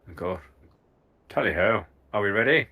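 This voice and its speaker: A man's voice: fairly low pitch, expressive, moderate pace, bright, forceful tone. A man playing an armored holy character at a tabletop game, speaking in a grand, solemn manner. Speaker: player. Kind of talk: tabletop role-play.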